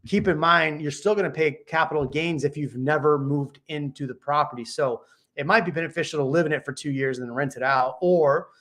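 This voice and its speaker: A man's voice: a little high, fairly quick, a bit bright. A man hosting a casual chat show, giving real estate advice in a laid-back, joking way, thinking aloud and restarting his sentences. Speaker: real estate agent and podcast host.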